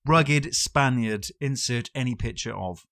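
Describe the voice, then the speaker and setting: Chatty man, mid-pitched. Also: measured pace, creaky, fairly bright tone, no echo, clean studio sound. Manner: chatty, easily amused. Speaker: podcast co-host. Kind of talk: casual chat.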